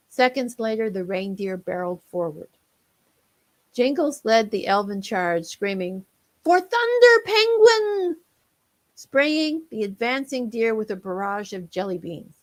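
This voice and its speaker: A woman author narrating her own comic holiday story in a lively, playful reading. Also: mid-range voice, moderate pace.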